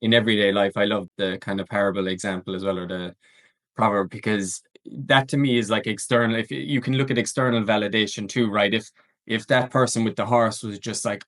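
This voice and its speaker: A man hosts a podcast interview with a fairly low voice. He reflects and thinks aloud in a casual conversational way. His questions are relaxed and searching. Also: a little fast. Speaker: podcast host.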